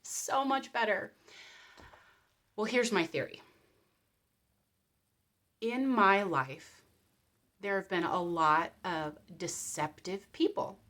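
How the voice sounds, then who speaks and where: A woman vlogger talking casually to camera. She speaks in an animated way and acts out little quotes. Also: medium pitch, takes it slowly, pauses often. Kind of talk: casual commentary vlog.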